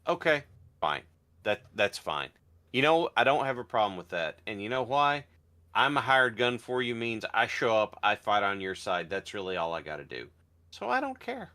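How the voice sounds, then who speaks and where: A man's voice: on the low side, huge pitch swings, normal speed, sharp tone. A man co-hosting a podcast, talking emphatically and with exasperation in casual chat. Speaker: podcast co-host.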